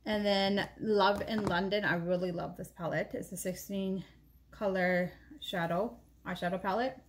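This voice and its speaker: A woman's voice: mid-range voice, fairly even intonation, a little slow, a little hiss or hum. A woman beauty vlogger talking casually as she shows her makeup, chatty and rambling, often correcting herself mid-sentence. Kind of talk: casual chat showing makeup.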